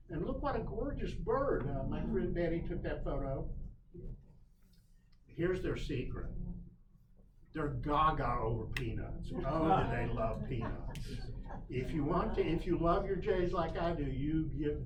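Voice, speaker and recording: A man giving a casual class on backyard birds in a shop classroom, folksy and animated, putting on playful voices for the birds. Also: a little high. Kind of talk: casual lecture. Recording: roomy, distant mic, noisy.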